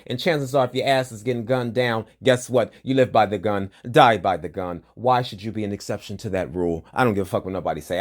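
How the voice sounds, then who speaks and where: A man's voice: on the low side, moderate pace. A man reading a news story aloud and breaking into angry, profane commentary, agitated and heated. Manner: heated, profane, switches between flat reading and loud outbursts.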